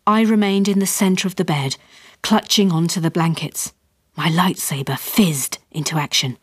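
A woman's voice: fairly low pitch, moderate pace, slightly rough, no room sound, studio quality. Woman reading a comic memoir. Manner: lively comic storytelling, rising with excitement. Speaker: author reading her own memoir. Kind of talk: storybook reading. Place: radio studio.

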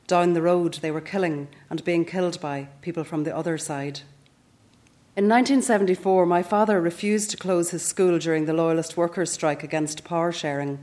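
A Northern Irish woman in her fifties reading her own reflective first-person essay in a measured way. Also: on the low side, fairly even intonation, darkish tone. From Northern Ireland. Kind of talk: scripted first-person narration.

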